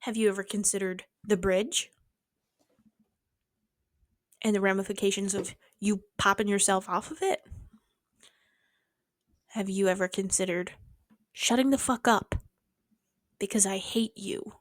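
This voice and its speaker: A young woman in her twenties chatting casually and fast, rambling with sarcastic, sweary asides, speaking into a mic held close to her mouth. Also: medium pitch, steady tone, no room sound. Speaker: vlogger. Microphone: close mic held near the mouth.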